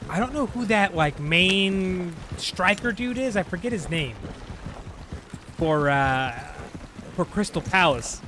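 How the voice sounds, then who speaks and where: A man streaming a video game live, chatting casually and getting excitable, swearing and laughing at his own mistakes. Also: high-pitched, slow pace, background noise. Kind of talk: live gameplay commentary.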